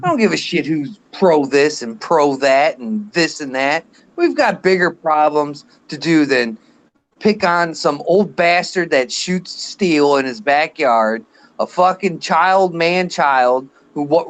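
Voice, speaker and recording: A man's voice: fairly high pitch, takes it slowly, a bit bright. A man in his late thirties ranting bluntly and swearing in a casual live chat. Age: late 30s. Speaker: guest on a live show.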